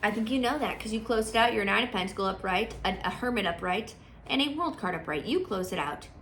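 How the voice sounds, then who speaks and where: A woman's voice: mid-range voice, animated, a little fast, heavy background noise. Chatty woman doing a casual tarot reading. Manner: chatty, thinks aloud, frequent fillers and restarts. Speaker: tarot reader.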